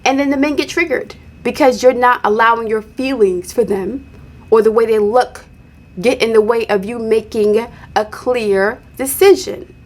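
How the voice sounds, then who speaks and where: A woman hosting her own channel, giving blunt, animated commentary on a reality show, with sudden sharp high exclamations. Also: moderate pace.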